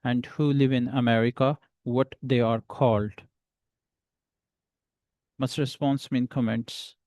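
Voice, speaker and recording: A man's voice: medium pitch, fairly even intonation, unhurried, darkish tone, no echo. A man teaching a beginner English lesson, patiently repeating example phrases.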